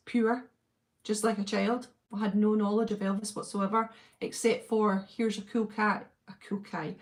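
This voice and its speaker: A middle-aged woman with a Welsh accent, hosting a casual chat and reading out viewer comments, gushing and laughing often. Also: medium pitch. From Wales. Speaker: livestream host.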